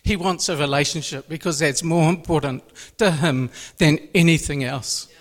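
A man's voice: fairly high pitch, normal speed. Emotional man testifying in an echoing hall. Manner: earnest and emotional, repeats phrases. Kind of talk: personal faith testimony. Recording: long reverb of a large hall.

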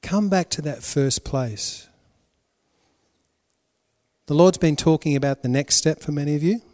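A male pastor preaching a sermon, swinging between loud emphatic lines and hushed, prayerful ones. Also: a little high, a little slow, long reverb tail.

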